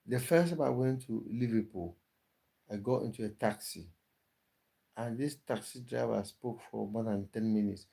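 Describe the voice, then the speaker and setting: A husky, mellow voice with vocal fry and a fairly low pitch belongs to this livestream host, who talks at a normal speed. He reads chat comments to viewers in a casual way, often repeating words as he restarts.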